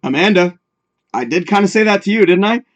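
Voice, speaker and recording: A man's voice: high voice, lively intonation, fairly quick. A man hosting a live talk show in casual, rambling chat, swearing freely and talking straight to his viewers.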